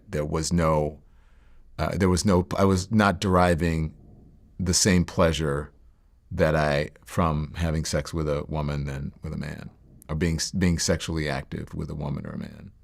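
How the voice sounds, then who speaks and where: A middle-aged man telling his life story in a sit-down interview, reflective and halting, with many fillers and restarts. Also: sits low, creaky. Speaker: interview guest.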